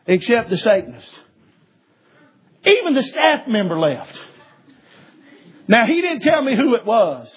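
Male preacher, very high husky voice, folksy storyteller, dull lo-fi recording. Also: big pitch swings, unhurried, long pauses. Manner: folksy, repetitive, many "uh" fillers, rising to shouts. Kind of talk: sermon storytelling.

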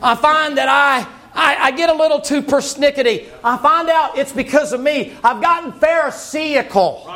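A man preaching a folksy, animated sermon and shouting at its peaks. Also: very high voice, normal speed, hardly any pauses. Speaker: pastor.

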